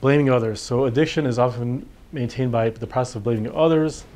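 Speaking briskly in a medium-pitched, somewhat dark voice, a male physician runs a relaxed workshop session on addiction. The informal talk is filler-heavy and conversational, with him imitating how patients speak.

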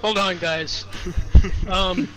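A man's voice: high voice, steady tone, very slow, a crowd in the background, low-quality recording. Laid-back young man joking in voice chat. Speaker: gamer in voice chat. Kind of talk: casual chat while gaming.

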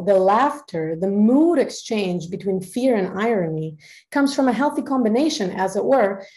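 Over a video call, a Peruvian academic presenter reads her written lecture in a measured, careful way. She has a mellow, medium-pitched voice, captured in a low-quality recording.

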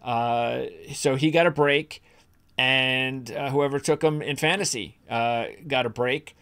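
A man's voice: medium pitch, slow, a bit bright, clean tone. A man co-hosting a golf betting podcast, opinionated and rambling, with frequent restarts and fillers. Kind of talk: casual sports chat.

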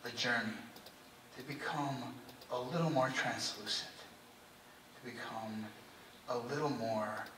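Impassioned preacher, bright voice, echoing church. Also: male voice, medium pitch, distant mic, slight background noise. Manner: impassioned, heartfelt, often drops to a hushed earnest tone. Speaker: priest. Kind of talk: sermon. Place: church sanctuary. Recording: echoey church recorded from afar.

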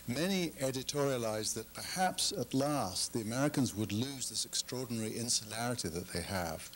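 A man moderating a public forum who puts a question in a measured, thoughtful way. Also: medium pitch, a little hiss or hum.

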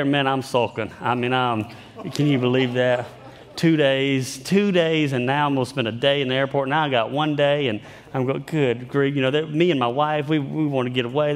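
A man's voice: medium pitch, steady tone, a little fast. A man preaching a sermon in a conversational, self-deprecating way, in a church sanctuary. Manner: conversational, self-deprecating humor, frequent restarts. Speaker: pastor. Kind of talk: sermon with storytelling. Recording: long hall reverb.

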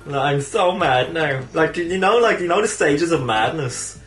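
A man's voice: fairly high pitch, lively intonation, moderate pace, reverberant, faint music behind, low-quality recording. A man casually commenting on his own gameplay, exasperated and swearing often, with sudden squeals and laughs of frustration. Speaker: let's play gamer.

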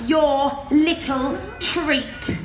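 A woman's voice: sits high, extremely slow, far from the mic. A woman playing a bratty, spiteful stepsister in a live pantomime, jeering and taunting. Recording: echoey live hall from afar, loud music. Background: loud music.

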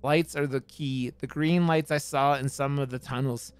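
A man's voice: medium pitch, steady tone, moderate pace, clear, resonant tone, no echo, lightly acted. A man voicing a desperate, trapped male treasure seeker, reading his note aloud in a put-on Scottish accent.

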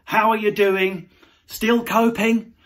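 A man's voice: high voice, little pitch movement, slow, a bit bright. A man, a comedian, delivering a brash, sweary, mocking comic rant.

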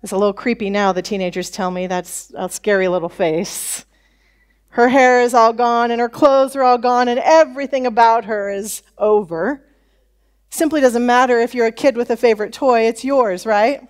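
High-voiced woman pastor, lively conversational sermon delivery. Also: moderate pace. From United States. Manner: conversational preaching, animated quoted voices. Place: church.

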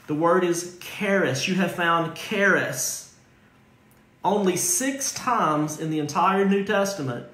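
A man's voice: fairly high pitch, a bit bright, reverberant. A male pastor preaching a sermon, emphatic and repetitive, calling out listeners by name. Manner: emphatic, repeats phrases and calls out listeners by name.

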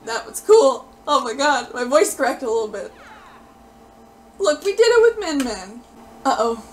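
Excitable high-voiced woman yelling at games. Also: measured pace, a little hiss or hum. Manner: excitable, yelling and pleading at the game. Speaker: gaming video creator. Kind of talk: live gameplay commentary.

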